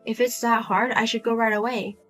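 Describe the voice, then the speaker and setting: A woman's voice: fairly high pitch, flat delivery, fairly quick, a bit bright, soft background music, pitched below the performer's own voice, natural voice. A woman voicing a single adult daughter who speaks bluntly and coldly to her mother. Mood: firm, exasperated. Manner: blunt, cold, lecturing.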